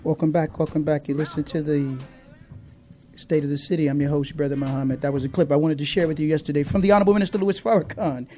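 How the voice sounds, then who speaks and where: A man hosting a radio talk show, introducing segments in a brisk, announcing manner. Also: a little high, steady tone, mellow, soft background music.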